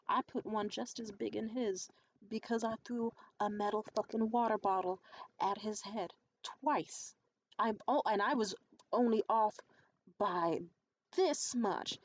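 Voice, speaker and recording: A young adult woman in a casual vlog monologue, telling stories in a blunt, profane and animated way. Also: on the high side, muffled recording. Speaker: vlogger.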